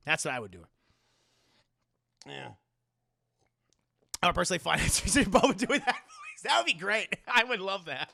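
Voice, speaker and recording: A man hosting a livestream in a casual, excitable way, swearing freely and laughing often. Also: sits high, normal speed, gravelly, pauses often, no room sound, studio quality. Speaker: livestream host.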